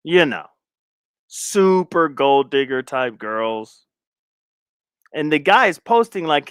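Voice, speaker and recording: Slangy man streaming, lively pitch. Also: slow, pauses often, smooth, dry recording, studio quality. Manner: loose, slangy, repeats phrases. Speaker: live stream commentary host. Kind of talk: casual live stream commentary.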